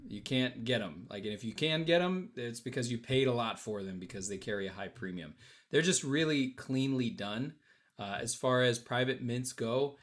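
A man hosting a casual live-stream auction, calling out bids and chatting with viewers in an upbeat way. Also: mid-range voice. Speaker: auction host.

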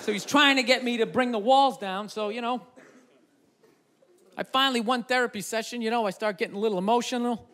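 A man doing stand-up comedy, loud and profane, ranting and mocking people in put-on voices. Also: extremely high pitch, a little fast. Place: comedy club stage. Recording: live club recording with crowd laughter. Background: audience laughing.

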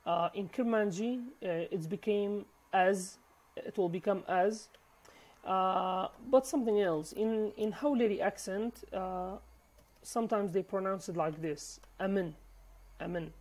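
A woman whose first language is Kurdish, teaching a language lesson in halting English full of fillers, repeating each word for practice. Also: mid-range voice, darkish tone. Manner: halting, many fillers and restarts. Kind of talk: recorded online lesson.

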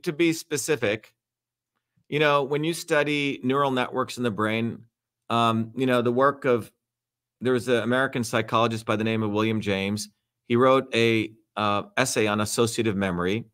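A man's voice: mid-range voice, steady tone, moderate pace, fairly bright tone, clean tone. A man hosting a livestream Q&A, talking bluntly and emphatically, lecturing and swearing freely. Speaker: host. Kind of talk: livestream Q&A talk.

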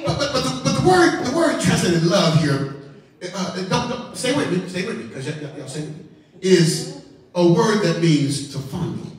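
A man preaches in a high, swooping voice, repeating his words and calling out to members of the church. He is recorded from a distance in a very echoey sanctuary. Faint music plays underneath. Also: moderate pace. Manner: animated preaching, repeats words, calls on congregants by name. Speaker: pastor. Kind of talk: sermon. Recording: echoey hall from far off, organ faint.

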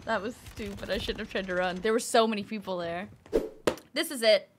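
A woman streamer giving live gameplay commentary, excitable, cursing and laughing often. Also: mid-range voice, brisk, very noisy.

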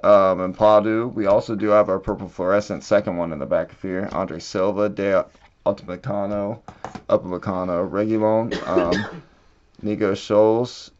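A man hosting a card-breaking video, quietly reading off card names and bursting out loud at the big pulls. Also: fairly low pitch, fairly even intonation, normal speed, highs cut off. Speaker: card-breaking channel host. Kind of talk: casual pack-opening commentary.

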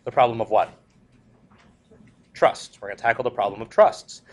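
Giving a classroom lecture at a normal speed, a male history teacher with a medium-pitched voice spins joke-filled stories. He also asks questions of his students.

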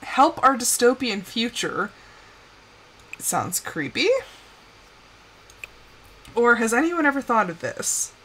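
A woman's voice: on the high side, very animated, takes it slowly, pauses often, a bit bright, slight background noise. A young woman streaming a life-simulation game, chatting casually, laughing often and talking to the characters on screen. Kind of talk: casual live-stream commentary.

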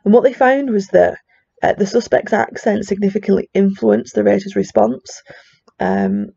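A woman's voice: mid-range voice, lively intonation, normal speed, creaky, dark tone, husky, no room sound. A woman with a strong regional English accent gives a chatty classroom lecture, full of fillers and casual asides. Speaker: psychology teacher. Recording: dull, dry lo-fi recording.

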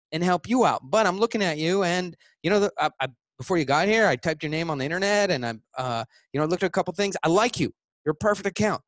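A man being interviewed as a guest author, talking in a blunt, emphatic way and acting out both sides of sales pitches. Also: a bit bright, no echo, clean studio sound.

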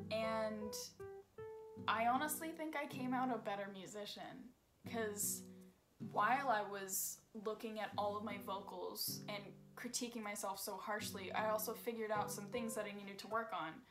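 A woman's voice: mid-range voice, moderate pace. A young woman narrating her vlog in a candid, self-deprecating way about making a single. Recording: music playing underneath.

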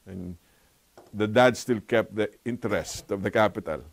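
A man's voice: lowish voice, moderate pace, gravelly. A man teaching a Bible lesson in a conversational way, asking rhetorical questions and laughing often. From Philippines. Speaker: Sabbath school teacher.

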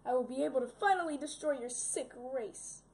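A woman voicing a pompous male chicken king villain in a game, delivering slow, gloating taunts. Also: high-pitched, darkish tone, a little hiss or hum, poor audio.

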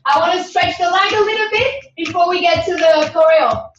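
A woman leading a dance class warm-up, giving calm, encouraging cues that sometimes turn sing-song. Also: very high voice, normal speed, a little hiss or hum. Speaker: dance instructor. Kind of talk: guided warm-up class instruction. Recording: far-off echoey room, dull sound, music behind.

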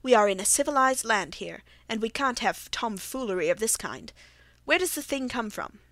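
A woman reading the lines of a stubborn, scornful older English gentleman who brushes off a threat as nonsense. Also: fairly high pitch, very animated, normal speed, dry recording. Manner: dismissive, blustering.

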